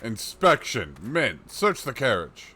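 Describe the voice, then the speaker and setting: A man's voice: medium pitch, huge pitch swings, slow pace, pushed and bright, breathy edge, heavily acted. A man voicing a stern, officious male soldier who barks orders and threats. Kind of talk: reading game dialogue aloud on a livestream.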